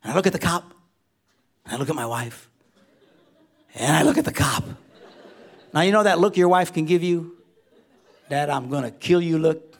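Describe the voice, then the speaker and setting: A middle-aged male pastor preaching a humorous sermon, telling comic stories and swinging between loud bursts and hushed asides. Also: fairly high pitch, normal speed, pauses often.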